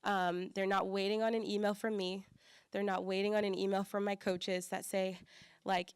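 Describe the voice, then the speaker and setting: A young woman with a slight Southern accent giving a chatty conference talk as church staff, full of fillers and lively quoted voices. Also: medium pitch, moderate pace, smooth, no room sound, clean studio sound.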